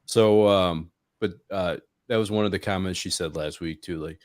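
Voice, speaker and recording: A man's voice: low-pitched, moderate pace, dry recording, clean studio sound. A man co-hosting a casual trade podcast, telling work and neighbor stories with lots of laughter. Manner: animated storyteller, laughs often. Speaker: podcast co-host, HVAC technician. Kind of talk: casual chat.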